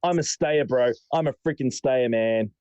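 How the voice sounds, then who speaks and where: An Australian man in rowdy, teasing casual banter on a video call, slangy and quick to laugh. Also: medium pitch, darkish tone, smooth, no room sound, muffled recording. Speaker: podcast co-host.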